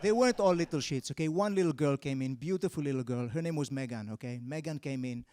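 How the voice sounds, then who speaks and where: A young man from Spain works a live stand-up set with a handheld mic. His voice sits high and he gets loud and exasperated when he hits a punchline. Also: fast. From Mallorca, Spain. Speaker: stand-up comedian. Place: arts centre stage with a live audience.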